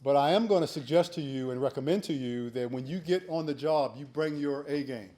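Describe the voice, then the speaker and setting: This is an older man in his sixties delivering a storytelling keynote speech. His voice sits a little high for a man. He tells anecdotes in a folksy way and turns earnest and urging when he gives advice. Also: brisk. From United States. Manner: folksy, animated when retelling shouted quotes. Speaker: keynote speaker.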